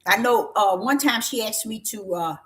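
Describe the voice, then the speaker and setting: A middle-aged woman telling a story to viewers in an animated, preachy way. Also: medium pitch, moderate pace.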